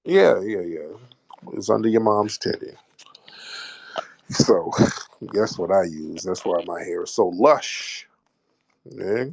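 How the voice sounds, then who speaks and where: A man with a low, gravelly voice hosts a live call-in room. His tone is husky and rough, and he trades crude, profane jokes with callers while mocking them. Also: lively intonation, takes it slowly, long pauses. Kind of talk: casual crude banter with callers.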